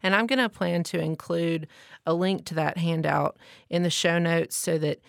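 Low gravelly woman hosting a podcast. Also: steady tone, normal speed, no echo, studio quality. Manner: warm and affirming, asks long questions. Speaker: podcast host. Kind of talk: interview hosting.

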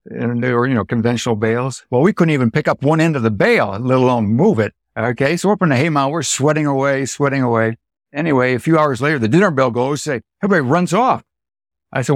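Older man telling lively farm stories. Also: mid-range voice, fast, no echo, studio quality. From Illinois, United States. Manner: animated storyteller, acts out quoted dialogue. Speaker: guest dairy farmer. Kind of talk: storytelling interview.

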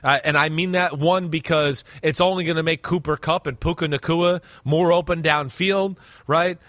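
A man breaks down football in casual podcast chat, his voice sitting a little high for a man. He sounds animated and keeps asking "right?" to pull the listener along. The sound is dry and close, with no room around it. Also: moderate pace, no echo. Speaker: football analyst.

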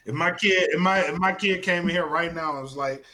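A man's voice: a little high, a little fast, crowd noise. A man co-hosting a comedy podcast, ranting and mock-scolding with plenty of swearing in casual chat. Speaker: podcast co-host.

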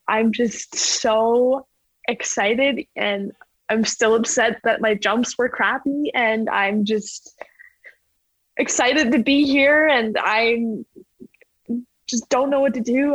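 Interviewed casually, a young ski jumper from Canada keeps chatting and peppering her words with "like." She speaks on the high side, with no echo, in poor audio.

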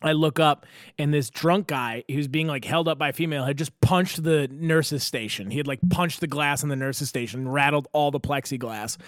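A man telling a story in casual chat, animated and profane, often laughing as he talks. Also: on the high side, moderate pace, no echo, clean studio sound.

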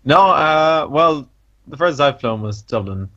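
A man guest-hosting a casual podcast, relaxed and understated. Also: on the high side, measured pace, highs cut off. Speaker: guest co-host.

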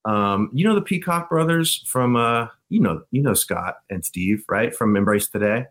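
A man's voice: medium pitch, lively intonation, moderate pace, a bit bright. A man guesting on a podcast, telling rambling anecdotes and laughing often in casual chat. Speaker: guest, band frontman.

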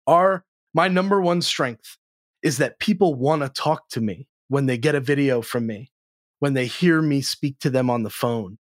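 A man speaking as a sales trainer on a podcast, energetic and blunt, swearing freely and jumping up in pitch for emphasis. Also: moderate pace, no room sound, studio quality. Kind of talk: casual interview chat.

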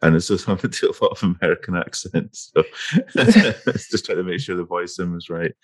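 A man's voice: deep voice, big pitch swings, brisk, slightly rough, no room sound. A man from Scotland with a Scottish accent, a guest crime author chatting casually, self-deprecating and laughing a lot. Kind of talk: casual interview chat.

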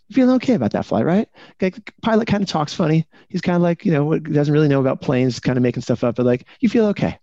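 Fast-talking, energetic male coach. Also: fairly high pitch, dry recording. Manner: energetic, asks the group many questions. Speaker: real estate team coach. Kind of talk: coaching session on a video call. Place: video call. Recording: dull lo-fi call audio.

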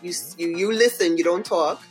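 A woman's voice: lowish voice, brisk, soft background music. A woman guest on a podcast from the United States, chatting casually and reflectively with frequent laughter.

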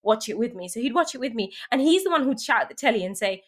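Higher-voiced woman telling stories. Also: fast. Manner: lively anecdotal telling with laughter and voiced quotes. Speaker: guest. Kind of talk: casual storytelling interview.

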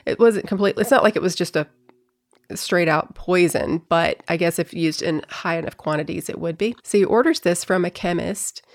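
A woman's voice: fairly low pitch, brisk. A woman hosting a true-crime podcast in a casual, chatty way, laughing often and acting out quotes. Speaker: podcast host.

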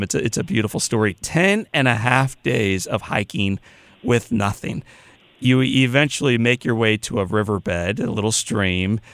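A man's voice: mid-range voice, a bit bright, no echo. A man with a Midwestern accent hosting a podcast interview, earnest and often restarting his sentences. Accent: Midwestern American. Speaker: podcast host.

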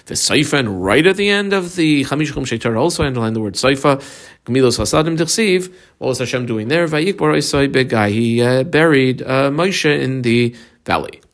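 Man, Talmud teacher, middle pitch, reads phrases then translates, points out what to underline. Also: expressive, moderate pace. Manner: guides students through marking the text. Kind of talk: page-by-page Talmud class.

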